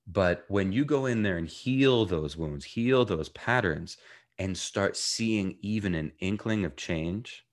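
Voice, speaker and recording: Very low-voiced man, emphatic and animated. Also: slow. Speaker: guest, mindfulness coach. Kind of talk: conversational podcast interview.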